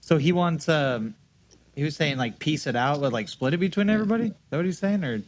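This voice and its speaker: A man's voice: on the high side, expressive, quick pace. A man playing his character in a tabletop game, earnest and given to restarts. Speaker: player. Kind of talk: in-character tabletop role-play.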